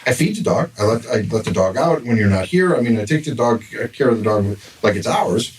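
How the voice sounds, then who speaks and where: An older man spins a long story with rising exasperation in a casual podcast chat. His voice sits at an ordinary pitch. He is picked up a little far from the mic, with a faint hiss behind him. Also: animated, brisk. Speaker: podcast guest. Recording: somewhat distant mic with faint noise.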